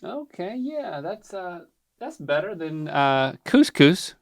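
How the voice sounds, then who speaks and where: A man's voice: sits high, sing-song, slow pace, vocal fry, no echo, clean studio sound. Playful, teasing man. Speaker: podcast host, the son. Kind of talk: casual chat.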